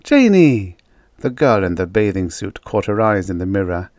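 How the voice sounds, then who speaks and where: A man's voice: low-pitched, no echo, clean studio sound. Man narrating a vintage sci-fi story. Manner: measured storytelling delivery. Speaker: audiobook narrator.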